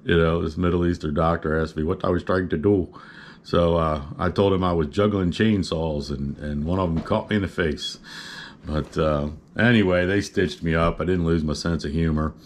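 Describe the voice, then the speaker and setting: A man's voice: low voice, fairly even intonation, normal speed, a little hiss or hum. A man telling a personal story in a casual, rambling, good-humored way, full of "uh" and "you know".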